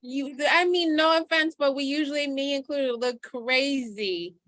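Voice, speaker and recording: A woman's voice: high-pitched, unhurried, fairly bright tone, no echo. A woman doula hosting a casual chat, teasing and chiming in over her guest. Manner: chatty, teasing, finishes the guest's sentences. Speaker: doula and host.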